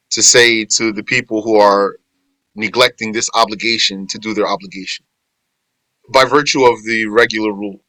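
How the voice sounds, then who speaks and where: Bright, tense-voiced man teaching a class. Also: medium pitch, no echo, low-quality recording. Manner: quizzes students and answers their replies; explains slowly, restating and correcting phrasing. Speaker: religious teacher. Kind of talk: informal class on Islamic law.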